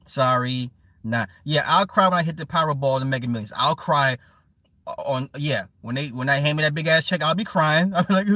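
A man hosts a casual livestream, laughing and mocking as he reads the chat. His voice is bright, forceful and pitched a little high. The mic is close and dry. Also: no echo. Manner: animated, laughing, mocking, swearing. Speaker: livestream host reading chat.

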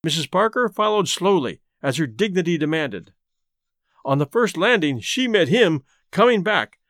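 A male storyteller reading a classic short story aloud, measured and unhurried. His voice is fairly high for a man, and the sound is dry and close, with no room to it. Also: fairly bright tone, dry recording. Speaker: storyteller and podcast host.

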